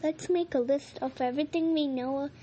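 A woman's voice: high-pitched, moderate pace, dark tone, muffled recording, a little hiss or hum, natural voice. A woman reading as a firm young girl.

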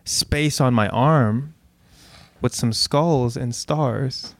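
A man's voice: mid-range voice, extremely slow, dry recording. Laid-back young man, dry close sound. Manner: laid-back, easygoing storytelling. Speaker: podcast guest. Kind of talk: casual podcast conversation.

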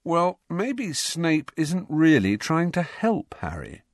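A man reading aloud voices a suspicious teenage boy who talks slowly, darkly and stubbornly. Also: a little high, wildly swooping pitch, dry recording, clean studio sound, voice pushed up, heavily acted. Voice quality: slow, dark, stubborn.

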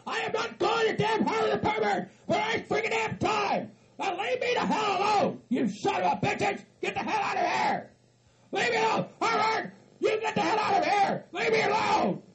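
A man voicing a paranoid, furious hillbilly who yells curses nonstop in a raspy, screeching voice. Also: extremely high pitch, animated, normal speed, some chatter behind, pitched above the performer's own voice, exaggerated voice. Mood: ranting. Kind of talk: hobby comedy skit acting.

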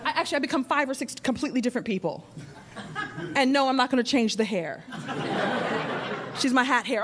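Playful stand-up comedienne from New York. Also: female voice, high-pitched, animated, a little fast, pauses often. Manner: teasing, playful, talks to the audience. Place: comedy club stage. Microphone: handheld mic. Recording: live club crowd laughter.

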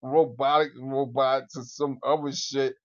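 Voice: mid-range voice, little pitch movement, measured pace. Livestreamer, profane, rambling, laughs at own jokes, dull lo-fi phone audio. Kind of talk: casual livestream rant.

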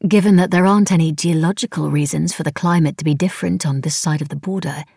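A woman's voice: deep voice, steady tone, fast talker, creaky, a little mellow, breathy edge, dry recording, clean studio sound, full character voice. A woman reading the lines of a curious young noblewoman traveller in a musing, fond tone, as an audiobook character.

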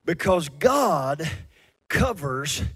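A man preaching a sermon as a pastor, fervent, repeating words and swinging between loud and soft. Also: a little high, very animated, extremely slow, breathy edge.

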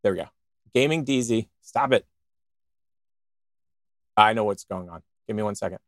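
A man co-hosting a show, chatting in a rambling, jokey and excitable way, cracking himself up as he goes. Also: lowish voice, normal speed, no echo, clean studio sound. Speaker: co-host of a podcast show. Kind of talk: casual banter.

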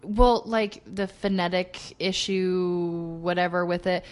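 A woman co-hosting a podcast in casual chat, excitable and joking, laughing often. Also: lowish voice, slow pace. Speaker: podcast co-host.

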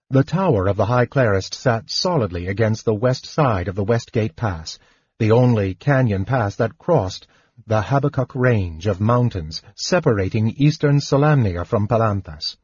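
Low, husky male narrator, steady reading, close and muffled recording. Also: moderate pace, no echo. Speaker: audiobook narrator. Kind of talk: scripted narration.

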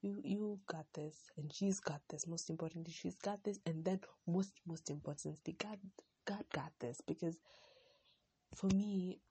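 A woman's voice: on the low side, normal speed, dark tone, breathy edge. A young woman hosting a casual personal podcast, talking in a rambling, heartfelt way that often stops and restarts. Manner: rambling, self-interrupting, heartfelt. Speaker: podcast host.

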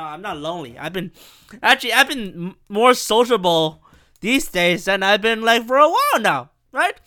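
A man hosting a rambling solo podcast from home on a desk microphone, excitable, swinging between loud bursts and quiet mumbling. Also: very high-pitched, smooth. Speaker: podcast host. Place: home room.

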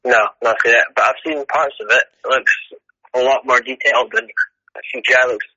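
A man's voice: medium pitch, moderate pace, vocal fry, sharp tone, breathy edge, no room sound, highs cut off. A man, a podcast guest, chiming in with short, dry remarks. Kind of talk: casual chat.

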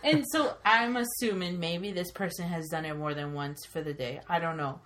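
A woman in casual chat, telling lively stories, swearing freely and acting out the people she quotes. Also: lowish voice, normal speed.

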